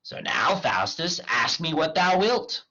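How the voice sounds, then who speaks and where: A man's voice: on the high side, very animated, measured pace, sharp tone, lo-fi sound, pitched above the performer's own voice, full character voice. Man reading as a cunning tempting devil. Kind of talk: dramatic reading of a play.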